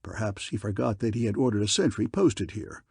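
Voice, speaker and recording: A man's voice: fairly low pitch, lively intonation, a little fast, creaky, darkish tone, slightly rough, dry recording, clean studio sound, exaggerated voice. A man voicing a haughty, officious male major domo of a palace. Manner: haughty, clipped.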